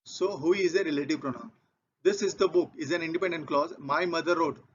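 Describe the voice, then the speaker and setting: A man teaching grammar in a patient, methodical way, working through example sentences one by one and often repeating his point. His voice sits fairly high. The recording sounds muffled and lo-fi. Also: a little fast, slight background noise. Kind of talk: explaining grammar over slides. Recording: dull lo-fi recording.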